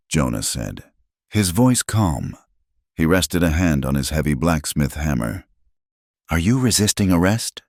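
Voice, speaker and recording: A man narrating a story in a steady, measured scripted style. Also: a bass voice, no room sound, clean studio sound.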